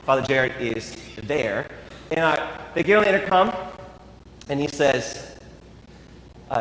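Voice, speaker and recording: In a church full of long, echoing reverb, a priest with a medium-pitched, slightly bright voice tells a humorous story during his sermon, adding dry, wry asides. He's animated yet unhurried, leaving long pauses, with slight background noise audible.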